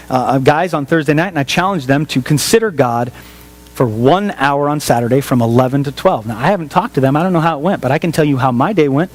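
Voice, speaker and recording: A man, a pastor, preaching a sermon in an animated storytelling way, repeating phrases for emphasis. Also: medium pitch, rough recording. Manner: animated storyteller, acts out voices of family and friends.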